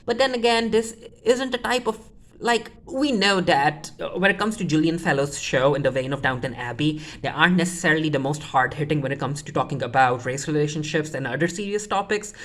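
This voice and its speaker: A woman's voice: low-pitched, brisk. A woman casually recapping a TV episode as a reviewer, rambling with frequent restarts and offhand asides. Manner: rambling, full of restarts and quoting characters offhandedly. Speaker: TV show reviewer.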